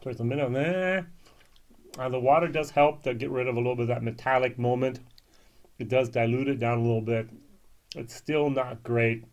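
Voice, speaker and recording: A man's voice: mid-range voice, fairly even intonation, brisk, darkish tone. Man musing through a tasting. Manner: musing, frequent fillers and restarts. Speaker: whisky reviewer. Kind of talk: casual tasting review.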